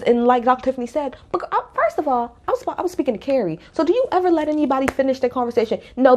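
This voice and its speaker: A woman's voice: medium pitch, dark tone. A woman giving casual, opinionated commentary in a reality TV recap, talking bluntly and with sass, repeating her points for emphasis.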